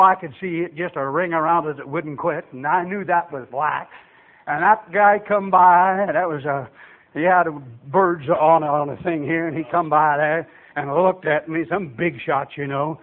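A man preaching a folksy storytelling sermon, acting out voices and building to shouts. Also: a little high. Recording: tinny phone-like radio broadcast.

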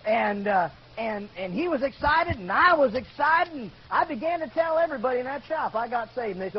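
A man preaching, telling his own conversion story as an animated testimony. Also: very high voice, fairly quick, hardly any pauses, breathy edge. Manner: animated storyteller, bursts into loud shouts in quoted lines. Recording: dull lo-fi recording with faint noise.

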